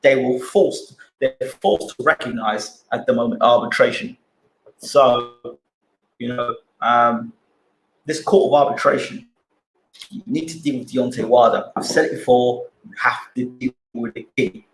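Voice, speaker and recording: A man's voice: medium pitch, a little slow, reverberant, a little hiss or hum, poor audio. A man hosting a boxing channel live stream, arguing his points with repeated rhetorical questions and answering chat.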